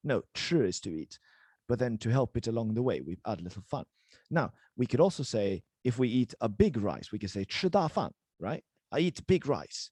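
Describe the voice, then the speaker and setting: Lively encouraging man teaching online. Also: mid-range voice, moderate pace, husky, no echo. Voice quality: casual, encouraging, many fillers. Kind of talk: live online language class. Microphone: video call.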